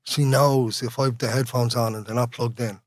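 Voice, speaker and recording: A man's voice: mid-range voice, steady tone, normal speed, dry recording. A man with an Irish accent talking as an interview guest, rambling and candid, laughing often and swearing freely. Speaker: guest, musician. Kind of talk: casual conversational interview.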